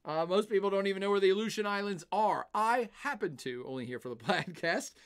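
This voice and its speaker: Older male streamer, animated and chatty, answers viewer questions. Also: high-pitched, a little fast, smooth. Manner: animated, laughs often, puts on silly voices. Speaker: livestream host. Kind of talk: casual livestream chat, answering chat questions.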